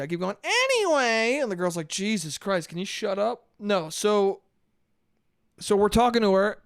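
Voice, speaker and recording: A man's voice: on the high side, clean tone, no room sound, clean studio sound. Rambling, swearing man on a solo podcast. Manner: rambling, swearing, self-deprecating, laughs a lot. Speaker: podcast host. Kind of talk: casual solo podcast monologue.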